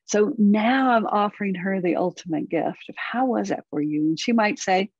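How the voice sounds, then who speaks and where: A woman's voice: medium pitch, normal speed, few pauses, breathy edge, no echo, lo-fi sound. A middle-aged woman therapist and parent coach talking earnestly in an interview, acting out her inner voice as she explains. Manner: earnest, animated, acts out inner dialogue. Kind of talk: conversational interview.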